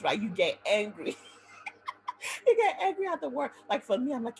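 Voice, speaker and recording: A woman doctor talks through a webinar, telling her own story and turning to her audience with "right?" again and again. Her pitch swings widely up and down. A faint hum sits in the background. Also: fairly quick, rough recording. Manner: animated storytelling with frequent "right?" checks to the audience. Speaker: physician and webinar presenter. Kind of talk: motivational webinar talk.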